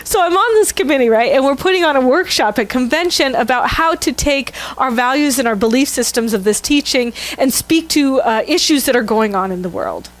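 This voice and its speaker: A woman's voice: high voice, expressive, a little fast, few pauses. A middle-aged woman minister giving a sermon, telling a candid, self-mocking story with laughter to her congregation. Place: church sanctuary.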